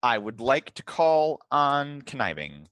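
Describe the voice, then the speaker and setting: A man's voice: medium pitch, sing-song, slow pace, fairly bright tone, no room sound. A man playing a tabletop game, arguing over the rules and hesitating with many fillers. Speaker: player.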